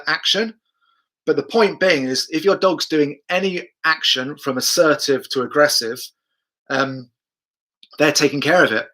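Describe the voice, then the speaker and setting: A man's voice: a little high, sharp tone. A man, a dog trainer, talking through his methods and answering viewers' questions on a live stream, chatty, repeating himself and speaking the dog's thoughts aloud.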